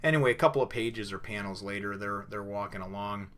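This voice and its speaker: A man with a fairly low voice gives a casual spoken review. He retells the story in a loose, rambling way. His talk is full of fillers and restarts. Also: fast, a bit bright. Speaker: comic book reviewer.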